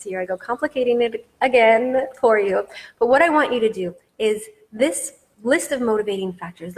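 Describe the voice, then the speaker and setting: A woman business coach giving a masterclass, talking with eager, repetitive emphasis. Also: medium pitch. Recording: long hall reverb.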